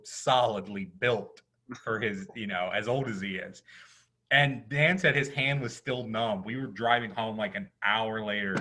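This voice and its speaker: A man co-hosting a podcast rambles through casual stories in a voice on the low side with a sharp tone. He restarts often and leans on "you know."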